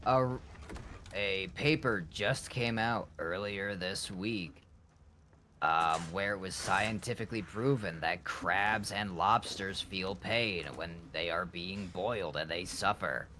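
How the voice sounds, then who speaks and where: A man's voice: sits low, takes it slowly, pushed and bright, a little hiss or hum. A man casually chatting with his partner while they play a game together, blunt and swearing casually. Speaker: co-op gaming partner. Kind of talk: casual chat during a game stream.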